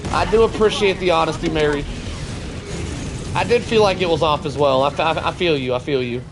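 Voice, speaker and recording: A young man streaming a co-op shooter, joking with his chat and now and then bursting into shouts. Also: fairly high pitch, brisk, music in the background. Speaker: game streamer. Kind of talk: casual gaming stream chat.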